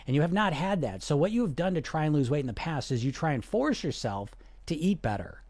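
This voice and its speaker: A man's voice: a little high, warm tone, no room sound. A man, coaching on weight loss and talking earnestly and persuasively, often checking in with the listener. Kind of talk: direct-to-camera coaching talk.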